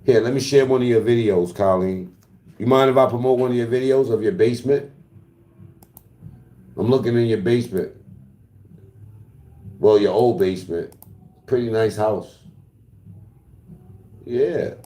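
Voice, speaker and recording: Mellow-voiced man taunting his chat. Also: mid-range voice, measured pace, long pauses, reverberant. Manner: taunting, profane, trash-talking. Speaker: livestreamer. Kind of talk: casual livestream talk to chat.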